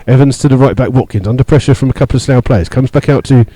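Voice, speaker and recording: Guy doing live footy radio commentary from the stands, warm low-key voice, lots of uhs. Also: fast, poor audio. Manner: steady play-by-play with many fillers, rising in pitch when indignant. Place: stadium stand among fans.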